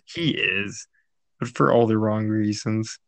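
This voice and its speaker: A man hosts a loose podcast conversation with a gravelly voice. He is opinionated and teasing, and he trades dry jabs with his co-host. The sound is dry and close, with no room around it. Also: on the low side, slow, no room sound. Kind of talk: casual podcast chat.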